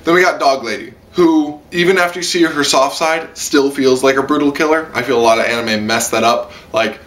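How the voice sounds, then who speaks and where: A young man chatting through an anime review from his room, loose and rambling with plenty of filler. His voice is bright and a little sharp, pitched in an ordinary middle register. He jumps into high squealed voices when quoting characters. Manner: rambling, excitable, lots of "like" and squealed quoted voices. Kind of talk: casual spoken review. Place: room at home with a lamp.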